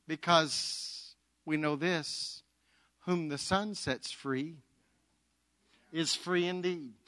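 Bright-voiced preacher, dry close sound. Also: male voice, on the high side, fairly even intonation, drawn-out words, no room sound. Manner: dynamic, swings from loud to hushed. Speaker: pastor. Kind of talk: Easter sermon with storytelling.

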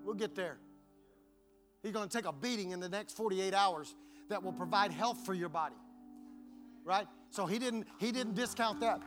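Man, pastor preaching, very high voice, repetitive fervent delivery. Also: normal speed, pauses often, fairly bright tone, faint music behind. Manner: preaching with rising fervor and repetition. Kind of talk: sermon.

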